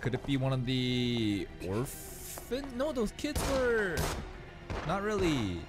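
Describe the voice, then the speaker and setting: A man hosting an anime reaction video, excitably thinking out loud and laughing often. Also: medium pitch, takes it slowly, music in the background. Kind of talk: live reaction commentary.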